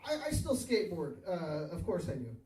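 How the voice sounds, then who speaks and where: A thirty-something man with a fairly high voice works a small bar crowd with crude, self-deprecating stand-up and keeps chuckling at his own lines. He sounds echoey and a little distant, as if the room picked him up from across the bar. The delivery is loose and off the cuff. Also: very animated, a little fast, a little mellow. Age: 30s. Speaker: stand-up comedian. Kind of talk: stand-up comedy set. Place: small tavern stage, live audience.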